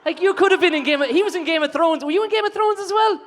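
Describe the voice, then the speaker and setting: Hosting an awards night in an event hall, a man jokes with and teases the guests on stage in front of a live audience. He talks very fast in an extremely high-pitched voice.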